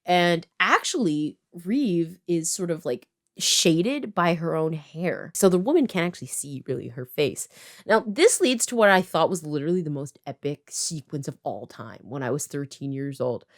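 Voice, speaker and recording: A woman in her twenties from Canada, casually recapping a story in a chatty way full of fillers, briefly quoting characters as she goes. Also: sits low. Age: 20s. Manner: chatty, filler-heavy, lots of "like"; animated, quoting characters in quick voices. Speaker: writer and video creator.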